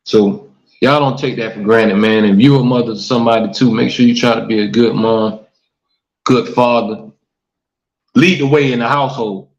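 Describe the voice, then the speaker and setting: A man's voice: mid-range voice, moderate pace. A man hosting a casual livestream talk show, reading comments and preaching earnestly to his viewers, often saying "man" and "y'all". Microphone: livestream mic. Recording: echoey room, dull lo-fi stream audio.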